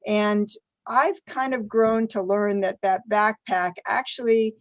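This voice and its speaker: A woman's voice: mid-range voice, steady tone, slow pace. Brief: older American woman, interview guest, reflective storyteller who laughs often, acts out quotes. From United States.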